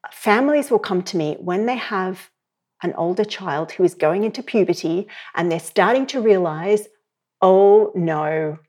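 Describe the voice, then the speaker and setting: A middle-aged woman speaking as a parenting educator in a podcast interview, telling stories in a lively way and acting out the voices she quotes. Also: mid-range voice, moderate pace, husky. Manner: lively storyteller who acts out quoted voices.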